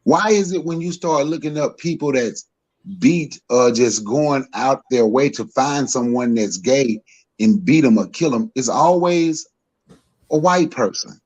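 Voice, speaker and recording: A man, co-hosting a podcast and giving his opinions emphatically, repeating himself and climbing higher as he gets worked up. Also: unhurried, darkish tone. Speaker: podcast co-host. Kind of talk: heated opinion talk.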